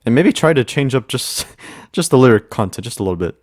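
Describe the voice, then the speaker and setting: A man's voice: medium pitch, lively intonation, brisk. Rambling casual man reviewing music. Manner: rambling, with many repeats and "you know" fillers. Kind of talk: casual commentary.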